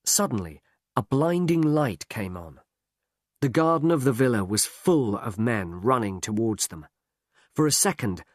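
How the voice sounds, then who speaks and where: Slow, expressive male storybook narrator. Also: fairly low pitch, dry recording. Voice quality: slow, lively delivery. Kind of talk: audiobook narration. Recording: dry close recording.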